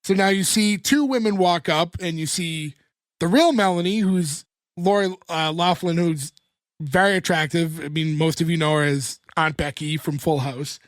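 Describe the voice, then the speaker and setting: A man in his thirties co-hosting a podcast, recapping a sitcom episode in casual chat, animated and laughing, often swearing. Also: a little high, moderate pace, no room sound. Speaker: podcast co-host.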